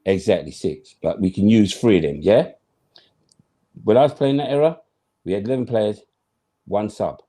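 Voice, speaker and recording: A former footballer, appearing as an interview guest, tells stories in a low, dark voice at normal speed with long pauses. He's emphatic and slangy, acting out his own thoughts as he spins animated tales in conversation.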